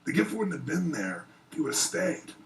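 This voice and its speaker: A man giving an earnest, animated personal storytelling speech at a private event before an audience. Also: a little high, brisk, distant mic, rough recording. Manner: earnest, animated, rising excitement in retellings. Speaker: motivational speaker.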